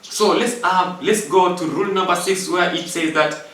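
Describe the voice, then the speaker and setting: A man's voice: high-pitched, moderate pace, fairly bright tone. Echoey teacher man explaining grammar. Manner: repeats rules, explains step by step with examples. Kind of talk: grammar lesson. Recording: echoey room from far off.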